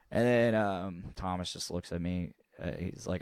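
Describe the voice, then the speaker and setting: Podcast co-host, young man, low voice, loose rambling storyteller, swears freely, dry close sound. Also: fairly even intonation, unhurried, a little mellow, smooth, no echo. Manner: rambling, swears freely, restarts often, laughs at own story. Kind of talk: casual storytelling chat.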